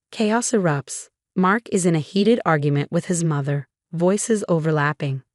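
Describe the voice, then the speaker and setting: A woman tells a dramatic first-person story in a plain storytelling manner. Her voice sits a little low. The sound is dry and close. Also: moderate pace, hardly any pauses, no room sound. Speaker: narrator.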